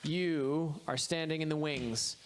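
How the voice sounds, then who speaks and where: A man's voice: on the high side, steady tone, slow pace. A man running a tabletop game as game master, calling rules and laughing often. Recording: noisy background hiss.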